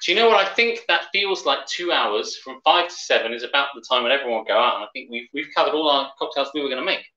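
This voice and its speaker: A man's voice: mid-range voice, lively intonation, fast talker, few pauses, sharp tone. A man co-hosting a casual drinking show, blunt and jokey in his opinions. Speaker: co-host. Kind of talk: casual boozy chat. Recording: roomy, muffled stream audio.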